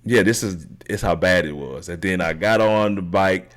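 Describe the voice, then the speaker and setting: A middle-aged man as an interview guest, telling a long story in a rambling, animated way and often checking in with "right?". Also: sits low, normal speed. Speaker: podcast guest, triathlete.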